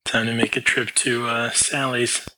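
Bright-voiced man joking through a movie. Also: mid-range voice, level tone, a little slow, poor audio. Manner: joking, laughs often. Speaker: podcast co-host. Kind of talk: casual movie commentary chat.

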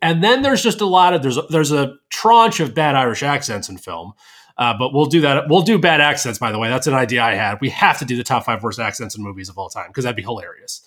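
An American man co-hosting a podcast, chatting casually about movies in a joking, easygoing way. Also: medium pitch. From United States. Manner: lively, joking, quick to laugh. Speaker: podcast co-host.

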